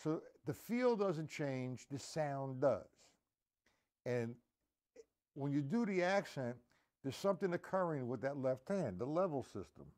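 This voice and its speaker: With big swings in pitch, a man whose voice is on the high side keeps a measured pace while teaching drums on a live stream. He counts beats aloud and checks on his viewers, a loud drum kit audible behind him.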